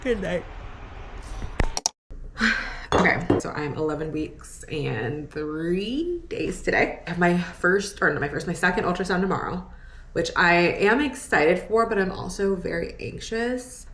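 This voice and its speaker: A woman's voice: lowish voice, lively intonation, unhurried, a bit bright. Exhausted young woman venting to camera. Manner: candid, rambling, frequent "like" and laughter. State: exhausted, tearful. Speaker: vlogger. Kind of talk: casual vlog diary.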